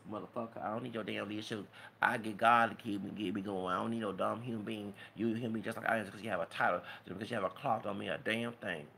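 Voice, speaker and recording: A man's voice: lowish voice, fairly even intonation, fast talker, gravelly, pushed and bright, a little hiss or hum. A man giving an emotional, preachy, rambling rant as a vlogger. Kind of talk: impassioned rant to camera.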